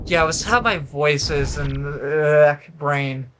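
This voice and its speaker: A man's voice: a little high, drawn-out words, fairly bright tone, soft background music. A tired, worn-out man giving casual, rambling gameplay commentary with swearing and frequent restarts. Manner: rambling, swears, self-correcting. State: exhausted, voice worn out. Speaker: let's play commentator.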